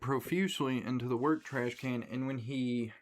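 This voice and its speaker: A man ranting casually through a movie recap, telling it with lively, profane storytelling. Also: medium pitch, normal speed, a little hiss or hum. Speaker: movie reviewer.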